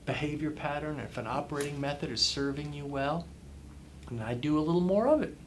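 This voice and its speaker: A man's voice: fairly high pitch, a little fast, a little hiss or hum. A man being interviewed as a guest author, giving advice in an emphatic way and repeating phrases for effect. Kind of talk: interview answers, motivational advice.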